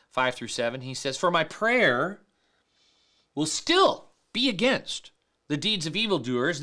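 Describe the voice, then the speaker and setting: A man preaching a sermon in a conversational, emphatic way, often dropping soft and low to stress a point. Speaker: pastor.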